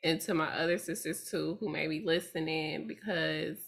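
A woman's voice: low-pitched, moderate pace, creaky. A woman co-hosting a podcast, speaking heartfelt and emphatic with slang. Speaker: podcast co-host. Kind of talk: casual chat.

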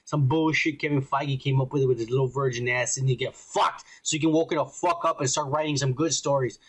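A man's voice: medium pitch, fairly even intonation, fairly quick, husky, low-quality recording. A man co-hosting a podcast, talking in a crude, rambling way and swearing constantly. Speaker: podcast co-host. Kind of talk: casual profane chat.

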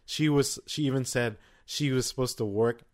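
A man's voice: medium pitch, moderate pace, darkish tone. A man co-hosting a podcast in casual chat, rambling and full of fillers and restarts. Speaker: podcast co-host.

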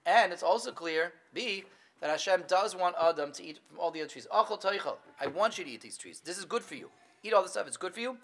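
A middle-aged man teaching a Torah class, animated, questioning his students and acting out what the figures say. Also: sits high, quick pace, a little hiss or hum.

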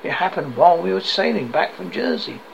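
A man's voice: high voice, expressive, fairly quick, vocal fry, slight background noise, full character voice, low-quality recording. Man reading a worried, evasive young man. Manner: plays things down.

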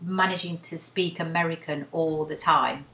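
A woman with a low voice talks casually about a book she's reading, chatty and quick to laugh as she retells scenes. Her voice carries a noticeable roomy echo. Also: fairly even intonation, bright, forceful tone. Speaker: podcast co-host.

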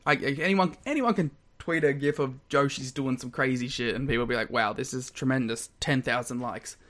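A man's voice: mid-range voice, a little fast, fairly bright tone. A young man co-hosting a podcast in casual chat, rambling with restarts and laughing often. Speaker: podcast co-host.

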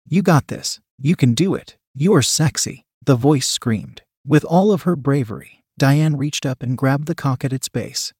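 A man narrating adult fiction in an even, matter-of-fact reading. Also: medium pitch, husky, no room sound, clean studio sound.

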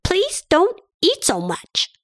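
Woman playing a child's talking body, high soft pleading voice, sing-song, unhurried. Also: huge pitch swings, no room sound, studio quality, full character voice.

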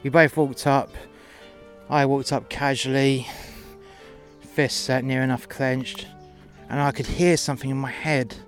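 A man's voice: medium pitch, steady tone, unhurried, faint music behind. A man narrating a first-person sci-fi story in a casual, sweary, rambling way.

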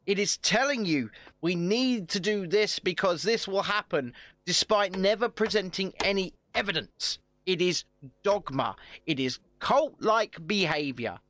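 A man's voice: high voice, lively intonation, a little slow, a bit bright, no echo. A man on a video call, chatting casually and ranting with heavy swearing. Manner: profane, ranting, grows heated and emphatic. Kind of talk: casual online chat.

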